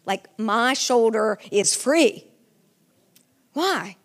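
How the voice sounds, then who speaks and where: A woman's voice: on the high side, lively intonation, extremely slow. A middle-aged woman preaching a sermon with fervor, asking the congregation questions. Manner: fervent, asks the congregation questions.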